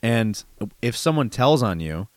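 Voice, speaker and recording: A man's voice: medium pitch, very animated, unhurried, dry recording. A man co-hosting a podcast, a streamer talking in rambling, profane, emphatic casual chat.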